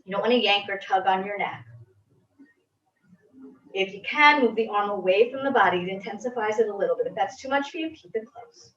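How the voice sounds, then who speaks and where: A woman fitness instructor calmly guiding a stretching class with gentle, reassuring cues. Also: mid-range voice, a little fast, pauses often. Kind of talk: guided exercise instruction. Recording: roomy, distant, dull audio.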